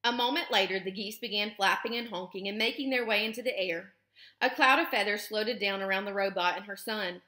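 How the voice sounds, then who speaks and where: Woman reading aloud to kids, expressive, bright tone, roomy echo. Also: medium pitch, brisk. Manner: clear, expressive storytelling. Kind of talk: children's book read-aloud.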